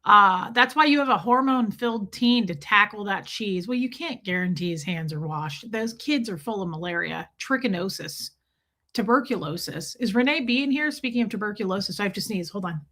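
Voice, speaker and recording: A woman in her forties hosting a casual livestream, greeting viewers by name and joking with dark humor. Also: mid-range voice, expressive, fairly quick. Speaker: livestream host. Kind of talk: casual livestream chat reading viewer comments.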